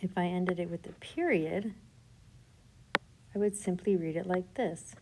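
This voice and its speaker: Slow, careful woman teaching grammar. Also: lowish voice, background noise. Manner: slow and deliberate, reading example sentences aloud. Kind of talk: recorded grammar lesson. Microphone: tablet microphone.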